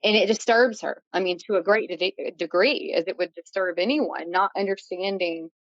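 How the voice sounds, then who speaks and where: Woman guest in her late 30s, animated storyteller, dead dry room, dull lo-fi audio. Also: mid-range voice, moderate pace, dry recording. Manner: vivid, breathless retelling with many fillers. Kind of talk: casual interview storytelling. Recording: dull lo-fi sound.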